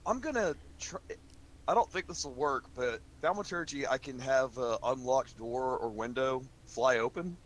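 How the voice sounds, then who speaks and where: A man's voice: medium pitch, steady tone, moderate pace, hardly any pauses, a little hiss or hum. Man hesitantly explaining his move. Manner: hesitant, offhand, describing actions. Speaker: tabletop game player. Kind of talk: casual chat at a tabletop game.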